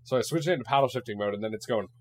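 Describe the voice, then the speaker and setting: A young man hosts a loose, casual podcast. He talks with plenty of swearing and animated emphasis when telling a story. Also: medium pitch, very fast. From Ohio, USA. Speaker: podcast host.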